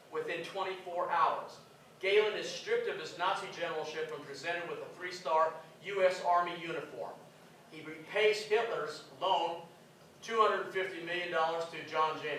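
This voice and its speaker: A man's voice: high voice, a bit bright, slight background noise. A man giving an emphatic conference lecture, firing rhetorical questions at the audience. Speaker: conference speaker. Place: conference hall. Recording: echoey hall, distant mic.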